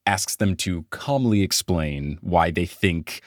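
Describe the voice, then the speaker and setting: A man hosting a comedy podcast, telling a mystery story in a casual, animated way and laughing often. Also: sits low, takes it slowly, dry recording, clean studio sound. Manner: animated, laughs often, puts on silly voices. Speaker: podcast host.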